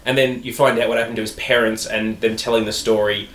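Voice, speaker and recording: A man's voice: fairly low pitch, level tone, fast, a bit bright. A man co-hosting a podcast, chatting casually and rambling through his points with fillers. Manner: rambling, trails off and restarts with fillers. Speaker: podcast co-host. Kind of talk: casual chat. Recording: roomy echo.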